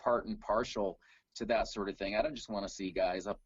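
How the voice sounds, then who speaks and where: A middle-aged man from Canada talks in a relaxed, rambling storytelling way. His voice is a little husky and sits at an ordinary pitch. The sound is dry and somewhat dull. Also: a little fast, no room sound. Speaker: guest, tribute singer. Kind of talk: casual video call interview.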